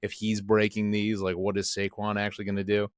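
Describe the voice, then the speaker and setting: A man's voice: lowish voice, completely flat delivery, brisk, clean tone, no echo. Male podcast co-host, casual rambling sports banter, dry close sound. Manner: rambling, self-mocking, mimics players in jokey voices.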